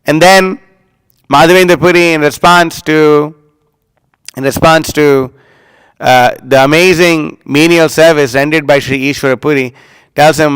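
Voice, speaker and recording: A man's voice: a little high, fairly even intonation, unhurried, fairly bright tone, clean tone, no room sound, low-quality recording. A man giving a devotional class, chanting Sanskrit verses and telling stories with emphatic acted-out quotes. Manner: chants Sanskrit verses, then explains with storytelling; emphatic, acts out quoted lines. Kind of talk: religious class talk.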